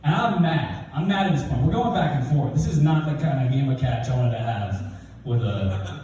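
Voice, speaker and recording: A young man telling a stand-up story, animated, jumping into high and low voices for the people he quotes. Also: moderate pace, slight background noise. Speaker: stand-up comedian. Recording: roomy hall, mic from a distance.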